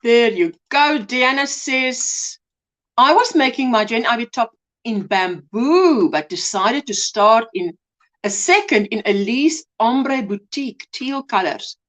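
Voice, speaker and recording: Lively high-voiced South African woman host. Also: takes it slowly. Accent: South African English. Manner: warm, greets viewers by name, says "hey?" and "my sweetheart". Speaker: crochet livestream host. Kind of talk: casual live chat reading comments.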